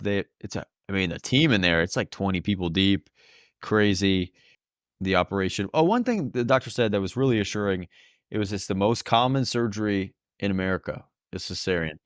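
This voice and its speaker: A man's voice: on the low side, moderate pace, smooth, dry recording. A young man casually telling a personal story on a podcast, earnest and emotional and laughing often. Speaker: podcast host, new father.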